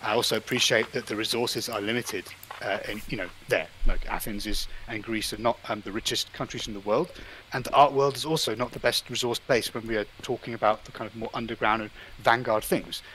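A man giving an informal live talk as an invited presenter at an online art event, thinking aloud with many pauses and filler sounds. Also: lowish voice, fairly even intonation, a bit bright, a little hiss or hum, poor audio.

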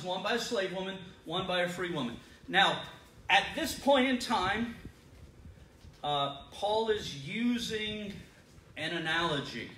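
A man's voice: high voice, sharp tone, far from the mic, slight background noise. A middle-aged man leading a Bible study in a congregation room, talking in a conversational, folksy way with repeated words and frequent laughs. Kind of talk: sermon-style Bible teaching. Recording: echoey room, voice from off the mic.

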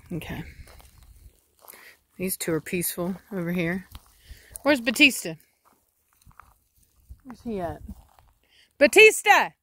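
Woman, dog breeder, bright tense voice, brisk firm commands to her dogs between casual asides. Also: mid-range voice, a little hiss or hum. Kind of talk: casual vlog narration.

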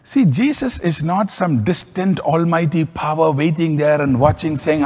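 A man preaching a sermon as a pastor, telling stories with lively swings in pitch and volume. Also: moderate pace, hardly any pauses, husky, long reverb tail.

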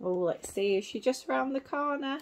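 A woman teacher reading a picture book aloud to young children, gently asking questions and explaining along the way. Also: high voice, expressive, moderate pace.

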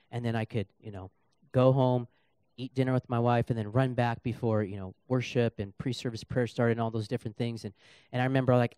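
Man, guest preacher, storytelling sermon, smooth resonant voice, dry close sound. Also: mid-range voice, dry recording. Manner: animated storyteller, acts out dialogue. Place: church sanctuary.

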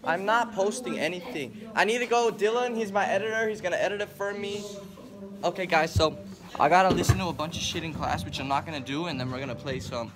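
A man's voice: sits high, fast talker. A young man vlogging on a phone camera around his school, joking and rambling with plenty of swearing. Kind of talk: casual school vlog. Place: school library and classrooms. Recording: noisy classroom chatter behind. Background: classmates chatting.

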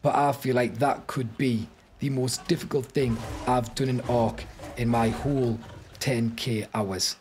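A young man giving excitable, panicky live commentary on his gameplay and shouting orders to his creatures. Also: mid-range voice, a little slow, noisy background. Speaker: gaming YouTuber. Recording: loud game music behind the voice.

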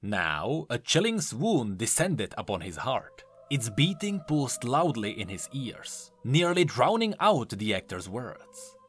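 A man narrating a dark story in a scripted, dramatic storytelling style. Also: medium pitch, big pitch swings, takes it slowly, hardly any pauses, a little hiss or hum. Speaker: lore narrator.

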